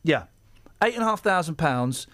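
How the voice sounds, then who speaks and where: A man hosting a casual radio show, joking and excitable, quick to exclaim in a studio. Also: fairly high pitch, dry recording. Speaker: radio host. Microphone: studio microphone.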